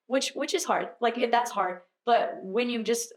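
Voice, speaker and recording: A young woman guest on a podcast, chatting casually about her faith, full of "like" and quick laughs. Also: on the high side. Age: young adult. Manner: chatty, lots of "like", laughs easily. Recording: echoey room.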